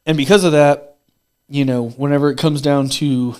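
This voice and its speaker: A man's voice: mid-range voice, level tone, brisk, darkish tone, clear, resonant tone. A young man hosting a podcast, chatting casually, rambling and swearing freely. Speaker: podcast host. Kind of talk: casual chat.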